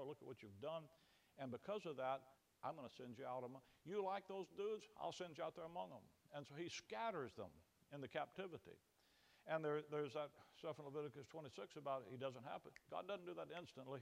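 A man preaching an expository Bible sermon, animated, often repeating words and acting out God's voice in folksy paraphrase. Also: a little high, vocal fry.

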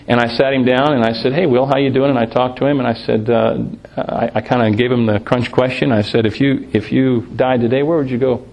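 A man preaching, telling lively personal anecdotes about sharing his faith, laughing often and restarting phrases. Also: mid-range voice, creaky, lo-fi sound. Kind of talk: sermon storytelling.

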